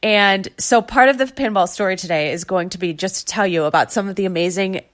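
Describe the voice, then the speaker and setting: A woman's voice: mid-range voice, a little fast. Gushing chatty woman podcaster. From New York. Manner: chatty, gushing, retells stories with quoted voices. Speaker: podcast host. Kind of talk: casual solo podcast chat.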